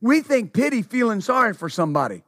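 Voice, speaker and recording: A high-voiced man delivers a sermon fast, echoing his own phrases, quizzing the congregation, and calling out hallelujah. He stumbles over words when he gets excited. There's no echo, and the quality is studio-grade.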